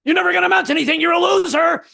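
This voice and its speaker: A man voicing a sneering little demon in someone's head, with a taunting, shrill, loud voice. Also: steady tone, rapid-fire, creaky, exaggerated voice.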